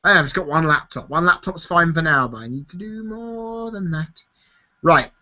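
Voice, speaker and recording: A man's voice: fairly high pitch, moderate pace, sharp tone. A tired man hosting a live-stream Q&A, chatting casually, swearing freely and laughing often. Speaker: YouTube host answering viewer questions. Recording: dull lo-fi stream audio.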